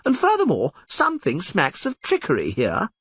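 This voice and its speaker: A man's voice: high voice, wildly swooping pitch, moderate pace, fairly bright tone, breathy edge, no echo, pitched above the performer's own voice, exaggerated voice. A man reading an audiobook and voicing a gallant, pompous young squire who speaks in a formal, chivalrous way.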